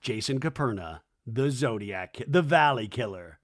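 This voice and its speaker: A man's voice: medium pitch, animated, moderate pace. A man hosting a comedic TV recap podcast, chatty and gossipy, acting out quoted lines as he retells scenes. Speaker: podcast host.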